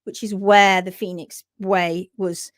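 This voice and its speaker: A woman's voice: mid-range voice, slow pace, dry recording, studio quality. A British woman hosting a live stream for horse owners, talking earnestly and reading out viewer comments. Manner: earnest and animated, with sudden whispers and laughs.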